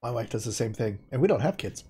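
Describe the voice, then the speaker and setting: A man on voice chat with a streamer, making dry, deadpan quips in casual talk. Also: medium pitch, fast, breathy edge. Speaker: friend on voice chat.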